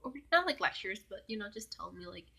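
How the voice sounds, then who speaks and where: A woman's voice: medium pitch, big pitch swings, fast, vocal fry, sharp tone, slightly rough. A young woman telling a personal story in a casual vlog, chatty and full of fillers, sometimes dropping to a whisper. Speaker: vlogger.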